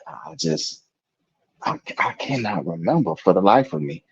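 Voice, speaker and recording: A man's voice: low voice, big pitch swings, unhurried, breathy edge. A man, co-hosting a podcast in a laid-back, rambling way with lots of fillers. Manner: laid-back, rambling with lots of fillers and "you know what I'm saying". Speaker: podcast co-host. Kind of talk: casual podcast chat. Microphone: video call. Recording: dull lo-fi remote call audio.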